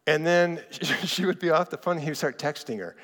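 A man preaching a sermon in a conversational, animated way, acting out the people in his stories. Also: on the high side, a little fast. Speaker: pastor. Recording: reverberant hall.

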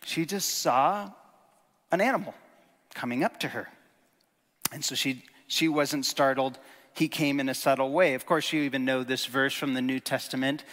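A man preaching a sermon in a conversational, animated way, with jokes and sudden emphatic stresses. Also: medium pitch, normal speed, in a large hall.

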